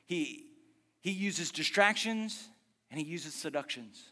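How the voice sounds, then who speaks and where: A man preaching a sermon as pastor, lively and conversational, mixing jokes and asides about his marriage into the message. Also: on the high side, takes it slowly, big-room sound.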